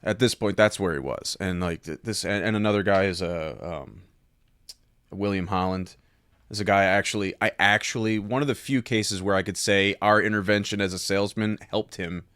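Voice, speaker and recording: A man spins rough-edged car lot stories in a relaxed podcast chat. His voice sits a bit low, recorded close and dry with no room sound. He swears freely and slips into his customers' voices. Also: moderate pace, dry recording. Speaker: former car salesman, podcast guest. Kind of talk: casual storytelling chat.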